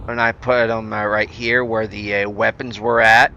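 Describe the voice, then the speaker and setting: A man's voice: lowish voice, little pitch movement, moderate pace, pushed and bright, lo-fi sound, slight background noise. A man streaming a survival building game, chatting casually with his viewers and rambling through many fillers and restarts in an easygoing, self-deprecating way. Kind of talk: casual gameplay commentary answering chat.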